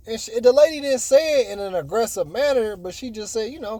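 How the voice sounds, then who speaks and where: A man's voice: sits high, expressive, fairly quick, few pauses, dark tone. Rambling man in his forties. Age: 40s. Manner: rambling, full of "you know" fillers. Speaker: vlogger. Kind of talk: casual storytelling.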